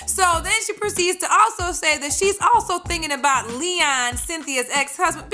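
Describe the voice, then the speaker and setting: Sassy woman doing a tv recap, high bright voice, cussing a lot, faint music behind. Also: normal speed. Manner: brash, sassy, swearing, acts out quotes. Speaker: reality TV recap vlogger. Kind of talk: profane casual recap.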